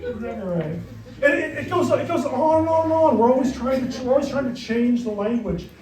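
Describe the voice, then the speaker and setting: A middle-aged man doing a punchy, deadpan stand-up comedy set in a comedy club. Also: very high-pitched, normal speed. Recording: roomy club sound, mic far off, crowd. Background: audience laughter.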